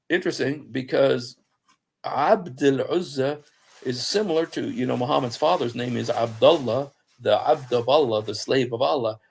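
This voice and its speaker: A man with a mid-pitched, gravelly voice talks through scripture in an easy, conversational way. He tells it as a story and slips into the voices of the people he quotes. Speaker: Christian apologist speaker. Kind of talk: informal talk on scripture.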